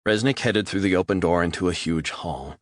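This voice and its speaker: A deep-voiced male audiobook narrator reads a thriller from a script at a fairly quick pace. The recording is dry and studio quality.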